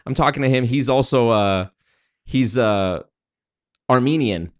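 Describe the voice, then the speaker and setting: A man's voice: mid-range voice, unhurried. A man hosting his show, casually telling a story and acting out what others said. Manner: animated retelling with quoted voices. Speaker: host.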